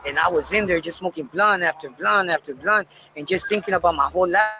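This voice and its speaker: A man casually telling a personal story in a candid, profane, animated way. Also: high voice, fast talker, low-quality recording.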